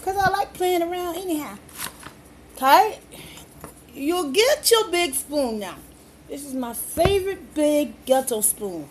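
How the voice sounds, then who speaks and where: A woman's voice: high-pitched, animated, unhurried, a little hiss or hum. A woman in her home kitchen demonstrating a recipe, chatting playfully and folksily with her viewers. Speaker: home cook. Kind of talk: cooking demonstration.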